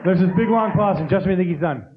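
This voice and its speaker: A man doing a stand-up comedy routine on a theater stage, animated and full of mimicked sounds. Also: high voice, fast talker. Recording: dull lo-fi tape with noise.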